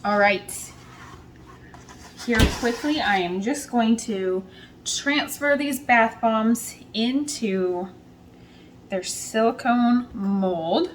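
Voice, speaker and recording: A woman hosting a casual home vlog, talking through her work in a chatty, self-deprecating way with quick bursts of speech. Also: fairly high pitch, slight background noise, poor audio. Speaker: soap maker and channel host. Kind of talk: casual vlog narration while working.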